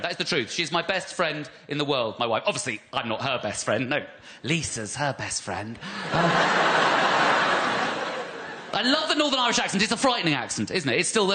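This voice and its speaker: A West London comedian from England, middle-aged, works a live audience with a self-deprecating set full of mock-outraged rants. The slightly high voice swings widely in pitch, brisk, pushed and bright, over a noisy recording with audience laughter in the background.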